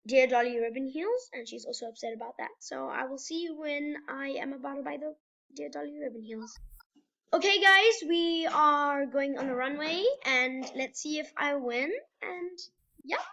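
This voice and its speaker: A young woman narrating her game in an excited vlog, squealing and breathless with excitement. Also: sits high, muffled recording. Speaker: gamer. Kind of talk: excited gaming vlog commentary.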